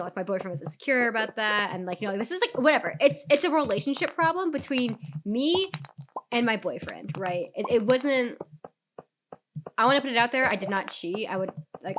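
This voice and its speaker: Chatty young woman streamer, noisy mic. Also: mid-range voice. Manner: chatty, many fillers, animated retelling. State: recovering from illness, rough voice. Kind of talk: casual storytime while gaming.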